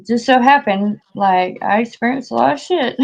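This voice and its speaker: A woman's voice: a little high, moderate pace, vocal fry. Chatty woman, muffled lo-fi sound. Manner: chatty, frequent fillers and laughs. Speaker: co-host. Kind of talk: casual chat. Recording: dull lo-fi audio.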